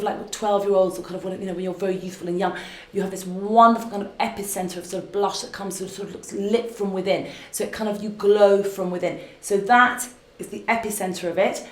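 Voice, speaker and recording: A woman, gushing and effusive as she answers fan questions in a live makeup demonstration from an office. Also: mid-range voice. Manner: gushing and effusive, full of fillers and restarts. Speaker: beauty brand founder answering fan questions. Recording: roomy echo.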